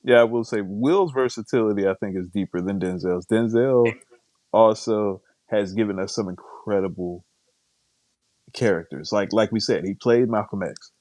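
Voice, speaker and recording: A man's voice: lowish voice, normal speed, a little mellow, no room sound. A man co-hosting a podcast in casual chat, laid-back and agreeable. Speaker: podcast co-host.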